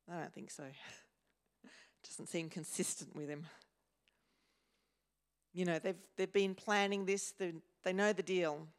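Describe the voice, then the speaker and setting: A woman pastor preaching a sermon in a church, slow and measured, pausing and repeating words as she goes. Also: medium pitch. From Australia. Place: church hall.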